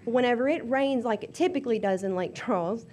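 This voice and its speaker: A woman's voice: fairly high pitch, brisk, a little mellow. Nervous young woman. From Louisiana. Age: 20s. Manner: nervous and emotional, hesitant with many ums. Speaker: resident speaking at public hearing. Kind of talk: public comment at a zoning meeting. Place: public meeting room.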